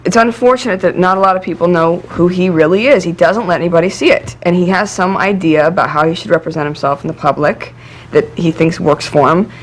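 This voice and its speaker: A woman's voice: on the low side, quick pace, slight background noise. A woman giving an earnest, emphatic interview answer, recalling how she fell for someone she knew. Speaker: interview guest. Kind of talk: candid interview recollection.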